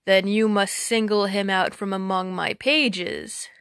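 A woman voicing a huge, ancient male giant lord who speaks slowly and commandingly. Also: steady tone, fairly bright tone, clear, resonant tone, no room sound, clean studio sound. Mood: stern. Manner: slow, booming, commanding.

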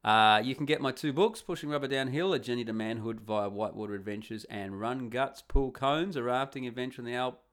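A man's voice: mid-range voice, fairly even intonation, a little fast, few pauses, fairly bright tone. A man hosting a podcast in a casual, rambling way, muttering and humming to himself as he searches through comments. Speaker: podcast host.

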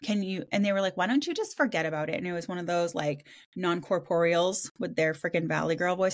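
Fast-talking, excitable woman podcast host. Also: fairly low pitch. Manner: fast, excitable, swears casually; animated storytelling with quoted voices. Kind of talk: casual roundtable podcast chat.

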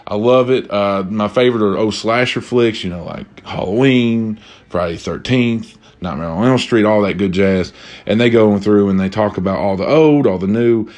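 A man's voice: on the low side, normal speed, a little mellow. A young man hosting a casual solo podcast, rambling in loose slang with a drink at hand. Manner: drinking while talking. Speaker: podcast host.

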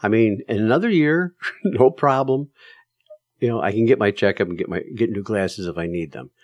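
A man's voice: lowish voice, moderate pace, no echo, muffled recording. A man giving casual, emphatic advice to drivers, telling stories in a plain-spoken way with plenty of fillers.

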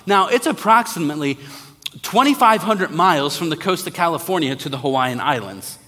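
A man preaching a sermon as an online minister, earnest and emphatic, slowing down to repeat key phrases. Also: high voice, lively intonation, sharp tone, in a large hall.

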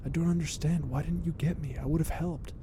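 A man voicing a cruel duke who speaks with held-back, low intensity. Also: little pitch movement, a little fast, close to an everyday voice. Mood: intense. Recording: rumbling background noise.

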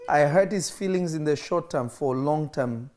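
Guy leading a bible study, talks animated, acts out what people say. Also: a little high, moderate pace. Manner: lively storytelling, quotes others. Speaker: Bible teacher. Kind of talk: informal Bible teaching.

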